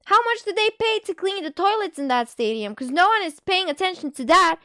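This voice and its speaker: A woman streamer chatting casually on a live stream, giggly and quick with asides, leaning on "like" a lot. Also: very high-pitched, sharp tone, dry recording, studio quality.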